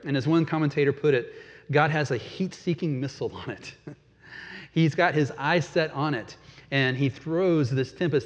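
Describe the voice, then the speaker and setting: A man preaching a sermon in a relaxed, conversational way, chuckling now and then and repeating words as he goes. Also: mid-range voice, long reverb tail, dull audio. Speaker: pastor.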